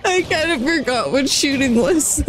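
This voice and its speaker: Woman, giggly gamer, high lively voice, slow unhurried talk, game music behind. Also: rough recording. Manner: giggly, laughs often while talking. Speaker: gamer playing co-op. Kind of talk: casual gameplay chat.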